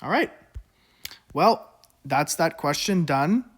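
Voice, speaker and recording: A man's voice: on the high side, expressive, takes it slowly, slightly rough. A man tutoring finance, talking through worked problems in a casual way, thinking aloud and laughing at himself. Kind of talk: worked-example lesson. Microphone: recording at an iPad.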